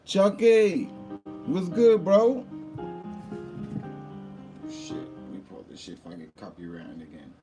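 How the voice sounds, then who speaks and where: A man hosting a casual livestream, shouting hype greetings to viewers by name and rambling in loose asides, a little hungover. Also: high-pitched, huge pitch swings, takes it slowly, long pauses, music in the background. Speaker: livestream host.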